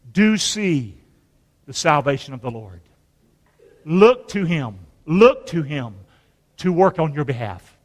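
Man preaching a sermon, high voice, chatty asides, long echo from a big church hall. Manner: lively preaching with call-and-response; conversational, joking asides. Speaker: pastor.

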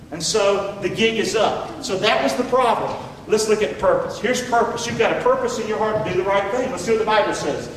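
A middle-aged man preaches in a high voice, folksy and emphatic, pausing to call for amens. He sounds distant from the mic, his words ringing through a large church with a long reverb tail. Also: a little hiss or hum. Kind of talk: sermon. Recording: echoey hall from far off.

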